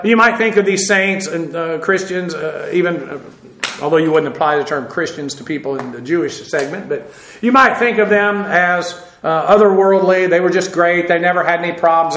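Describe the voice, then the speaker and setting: High, bright-voiced male Bible teacher. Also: echoey room. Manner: explains Greek grammar, spells words out letter by letter; frequent "uh" fillers, self-deprecating asides.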